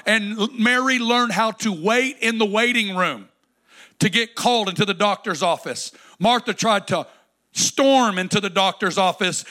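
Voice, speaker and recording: Male preacher, high pitch, bright tone, dramatic sermon delivery with loud and hushed swings.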